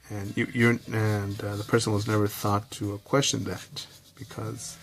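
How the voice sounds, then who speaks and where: A man giving a rambling, candid personal monologue to camera, swearing at times and slipping into quick impressions of others. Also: mid-range voice, fairly even intonation, creaky, soft background music. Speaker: vlogger.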